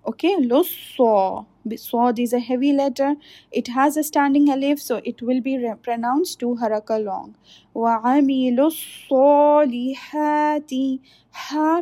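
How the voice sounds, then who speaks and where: A woman gives a recitation pronunciation lesson, drawing out each sound slowly and patiently. Her voice sits a little high but has a warm, mellow tone. The recording is dry and close. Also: dry recording. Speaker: Quran recitation teacher.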